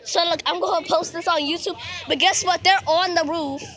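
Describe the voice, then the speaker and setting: A woman vlogging outdoors at night on her phone, excitedly narrating fireworks to viewers she calls y'all, swearing and laughing. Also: very high-pitched, normal speed, noisy background. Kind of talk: excited casual commentary. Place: outdoors at night near a street, light drizzle. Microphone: phone camera held in hand. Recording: phone video with loud firework bangs. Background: loud fireworks and firecrackers.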